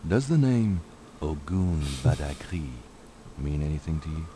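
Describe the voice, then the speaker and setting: An actor voicing an easygoing adult investigator in recorded game dialogue. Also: male voice, extremely low pitch, lively intonation, a little slow, noisy background. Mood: calm. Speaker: game protagonist.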